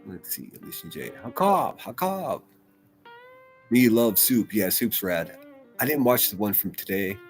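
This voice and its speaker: A man's voice: fairly low pitch, normal speed, soft background music. A man hosting a casual livestream, reading chat comments aloud and rambling in a loose, profane way. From United States. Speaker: livestream host.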